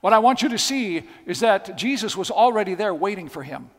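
A man's voice: high voice, lively intonation, fairly quick. A man preaching a sermon, telling stories with emphatic, repeated phrases. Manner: storytelling, emphatic and repetitive. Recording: long hall reverb.

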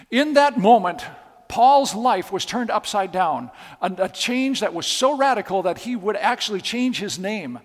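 A man's voice: sits high, lively intonation, unhurried. A man preaching a sermon, telling stories with emphatic, repeated phrases. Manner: storytelling, emphatic and repetitive. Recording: long hall reverb.

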